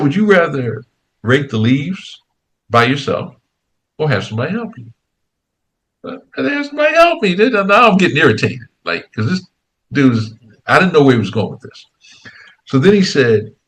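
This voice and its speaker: Animated man telling a story. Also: medium pitch. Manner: animated storyteller, acts out quoted dialogue. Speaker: guest, investing program founder. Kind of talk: casual storytelling interview.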